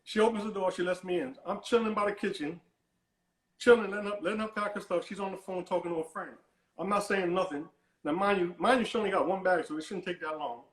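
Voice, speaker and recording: A man's voice: sits high, fast talker, roomy sound, poor audio. A man calling in to a talk show, telling a long story in a rambling way, repeating and restarting his words and brushing things off. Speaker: caller. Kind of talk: animated storytelling on a call-in show.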